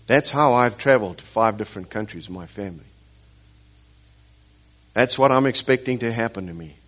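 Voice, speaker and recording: A man's voice: lowish voice, normal speed, fairly bright tone, dull audio. A man preaching a sermon as pastor, telling stories and pressing the congregation with rhetorical questions and emphatic repetition.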